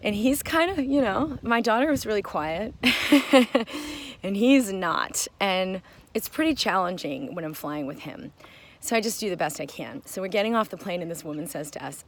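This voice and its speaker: A woman's voice: mid-range voice, moderate pace, a little hiss or hum. A woman, middle-aged, talking through a personal reflection in a casual, conversational way, full of fillers and restarts. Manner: acts out quoted voices with animated emphasis. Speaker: mind-body wellness teacher.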